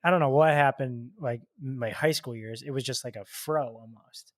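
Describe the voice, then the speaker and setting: A man in his twenties from Chicago, a guest telling stories in a casual, animated way, full of "like" and "dude". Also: medium pitch, normal speed, no room sound, studio quality. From Chicago, USA. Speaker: podcast guest, paintball player. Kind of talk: casual storytelling.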